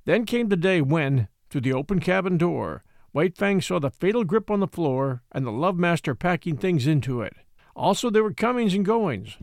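Gravelly male storyteller. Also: fairly high pitch, no echo, studio quality. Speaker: audiobook reader. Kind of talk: classic novel narration.

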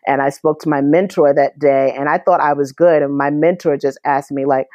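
A woman's voice: low voice, fairly even intonation, moderate pace, a little mellow, dry recording. A woman guest in an interview, telling her story in an earnest, emotional way with frequent restarts. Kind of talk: conversational interview.

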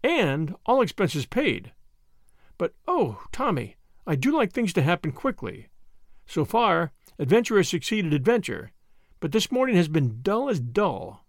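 A man voicing an eager, impatient young woman adventurer in a storybook reading, brisk and quick to enthuse. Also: sits high, very animated, no echo, studio quality, heavily acted.

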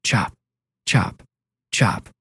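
A man voicing a tipsy middle-aged mother who tells a ghost story by the fire, brisk and a little impatient. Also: pushed and bright, no echo, studio quality. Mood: storytelling.

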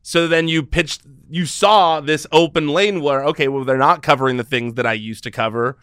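A man's voice: on the high side, normal speed, fairly bright tone, clean tone, no echo, clean studio sound. A man hosting a podcast, chatting in a friendly, enthusiastic way with casual slang. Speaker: podcast host. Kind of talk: casual interview chat.

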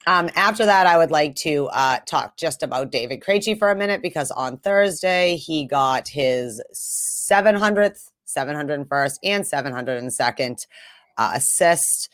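A woman from the Buffalo area co-hosting a casual sports podcast, talking in a rambling, animated way with frequent laughs and the odd swear word. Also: low-pitched, measured pace, no echo, clean studio sound. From Buffalo area, USA. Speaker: podcast co-host.

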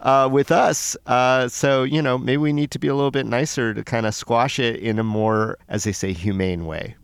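A man co-hosting a casual talk show, wry and joking with animated asides. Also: medium pitch, normal speed, smooth, no echo. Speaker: podcast co-host. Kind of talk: casual chat.

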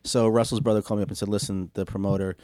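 A male comedian guest telling stories in casual chat, animated and swearing freely, acting out the quotes. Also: lowish voice, very fast, a little hiss or hum. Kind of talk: casual storytelling.

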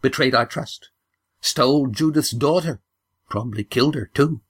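A man's voice: medium pitch, moderate pace, breathy edge, voice pushed up, close to an everyday voice. A man voicing a suspicious old village grandmother who talks shrilly and accuses everyone. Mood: shrill, accusing. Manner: scolding, accusing.

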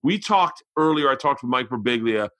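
A man in his forties, a comedian hosting his podcast, telling stories in a profane, animated, exasperated way and reading an ad. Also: medium pitch, moderate pace. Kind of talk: casual storytelling and ad read.

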